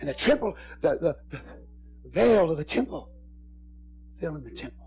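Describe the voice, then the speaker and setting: Preacher man, kinda husky and high, goes from whispering to hollering mid sermon. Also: very animated, moderate pace. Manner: swings from hushed whispers to shouted crescendos; repeats phrases for emphasis. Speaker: pastor.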